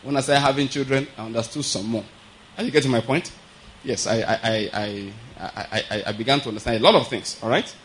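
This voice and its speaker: A man's voice: mid-range voice, fairly quick, slight background noise, poor audio. A man preaching a sermon in a conversational teaching manner, often checking that the listeners follow and chuckling as he goes.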